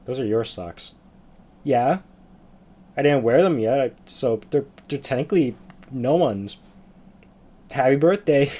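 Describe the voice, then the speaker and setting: A man's voice: mid-range voice, expressive, measured pace, pauses often, dark tone. A young man chatting on a livestream, rambling and losing his train of thought. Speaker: streamer. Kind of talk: casual livestream chat.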